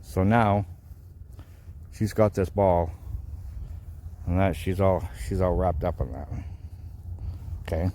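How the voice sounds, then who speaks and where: Deep-voiced man explaining dog training casually. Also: slow, pauses often, warm tone, slight background noise. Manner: folksy, repeats himself, asks "right?". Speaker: dog owner teaching training. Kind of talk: casual instructional vlog.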